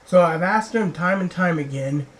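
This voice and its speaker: Over poor audio, a woman with a lowish voice speaks at a normal speed. She's a vlogger meandering through personal anecdotes on camera, performing the voices of the people she quotes.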